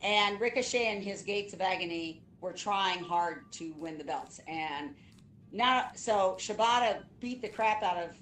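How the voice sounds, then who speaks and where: A woman's voice: medium pitch, unhurried, a bit bright. A middle-aged woman co-hosting a game stream, chatting casually and explaining things at length. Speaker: co-host, streamer's mother. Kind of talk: casual gaming stream chat.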